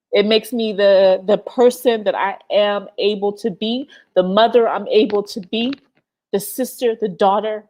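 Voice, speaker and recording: A teary woman talks straight to her livestream viewers. She is passionate and swears freely, and she repeats her lines for emphasis. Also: mid-range voice. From United States. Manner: passionate, profane, speaks in emphatic repetitions. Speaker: livestream host. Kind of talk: emotional livestream talk.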